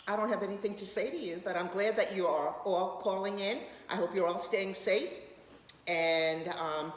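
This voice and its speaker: An older woman, the comedian's mother, chatting off the cuff to a live audience in her living room, in a wry, unrehearsed way. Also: lowish voice. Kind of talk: casual chat to a live audience. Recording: echoey room, faint background noise.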